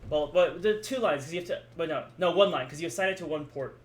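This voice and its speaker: Giggly young guy, slightly higher voice. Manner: quick, giggly, breaks into laughter. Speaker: co-streamer. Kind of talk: casual chat on a live stream. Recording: faint background noise.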